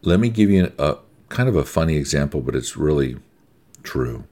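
Male preacher, American, middle-aged, very low voice, swings up and down a lot, emphatic conversational sermon. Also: sing-song, moderate pace, dark tone. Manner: emphatic, conversational, repeats words for stress.

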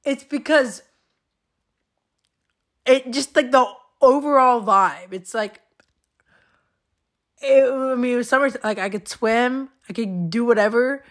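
A young woman hosting her own podcast, talking casually in a chatty, rambling, excitable way. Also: fairly high pitch, slow, long pauses. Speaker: podcast host. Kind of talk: casual solo podcast chat.

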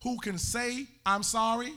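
A male pastor preaching a sermon in a church, swinging into sung and shouted climaxes. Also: extremely high pitch, fairly even intonation, measured pace.

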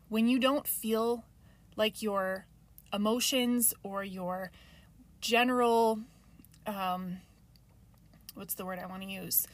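A woman in her thirties hosting a solo podcast, talking earnestly and confessionally with frequent ums. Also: fairly high pitch. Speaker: podcast host. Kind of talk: reflective solo podcast talk.

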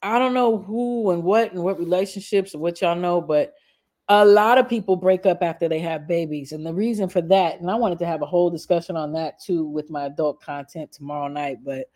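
A woman's voice: fairly low pitch, fairly quick, darkish tone. Blunt, cussing woman gossip vlogger. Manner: blunt, heavy cursing, chatty asides. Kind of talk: casual profane commentary.

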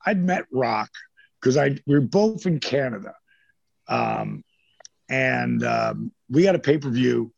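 A man's voice: medium pitch, takes it slowly, creaky, slightly rough, no room sound, highs cut off. An older man, a former pro wrestler, telling rambling, profane stories as an interview guest, with lots of restarts. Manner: rambling, profane, animated storyteller with many restarts. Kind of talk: casual storytelling.

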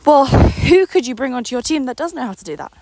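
A young woman coaching business owners in an unscripted pep talk, her voice pitched a touch high and sounding dry and close. She talks with eager enthusiasm, slightly out of breath, leaning on repeated words to stress a point. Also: lively intonation, fast, darkish tone, no room sound. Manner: enthusiastic, speaks from the heart, repeats words for emphasis. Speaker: business coach and company founder.

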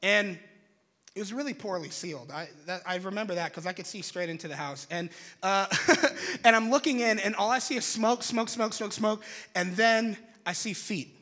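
A young man, a pastor, telling a lively, jokey story to an audience and acting out his own shouts. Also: high-pitched, normal speed.

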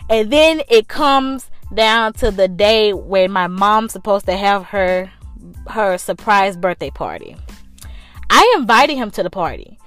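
A young woman spins a casual storytime to her viewers, lively and blunt, with plenty of swearing thrown in. Her voice sits at an ordinary middle pitch, with soft music faint behind her. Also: measured pace. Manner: animated, addresses the viewers directly, swears freely.

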